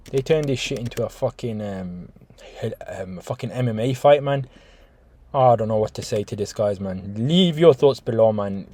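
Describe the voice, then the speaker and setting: A man talks straight to camera in a loose, profane reaction video. He keeps restarting his sentences and calling out to "guys", and his pitch sits at an ordinary middle range for a man. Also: warm tone, no echo. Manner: heavy swearing, rambling with restarts, talks to viewers as guys. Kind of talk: casual reaction commentary.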